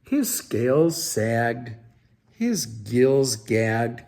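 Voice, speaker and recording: A man reading a children's picture book aloud, expressive and playful, with sound effects. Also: mid-range voice, extremely slow. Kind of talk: storybook read-aloud.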